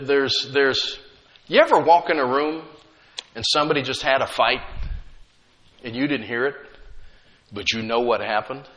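A middle-aged pastor with a fairly high voice preaches emphatically, swelling loud and then dropping quiet. He slips humorous asides into the sermon.

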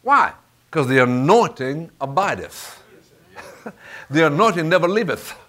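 A man preaches with a drawl, his voice sitting a little high and swinging widely up and down. He works the congregation, calling out for amens as he goes. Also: measured pace. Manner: animated call-and-response preaching, asks for amens. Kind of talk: sermon.

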